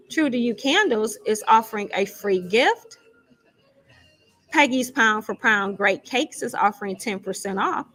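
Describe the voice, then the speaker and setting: A chatty woman with a slightly high voice, hosting a live show from a lounge studio. She runs through announcements in a loose, self-teasing way and thinks aloud as she goes. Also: a bit bright. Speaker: show host. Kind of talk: casual live-stream announcements.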